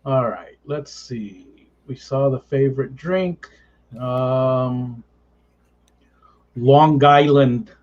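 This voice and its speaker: A man's voice: medium pitch, takes it slowly, a little mellow. A man hosting a livestream in easygoing, casual chat, laughing often and thinking aloud. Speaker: livestream host. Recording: slightly muffled lo-fi audio.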